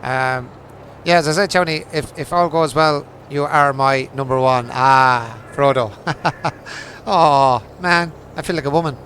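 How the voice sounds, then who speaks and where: Chatting while he plays a farming game, a livestream host teases his viewers in playful banter, laughing frequently and swearing freely. He talks a little slowly at medium pitch in a fairly bright tone, with a little hiss or hum present.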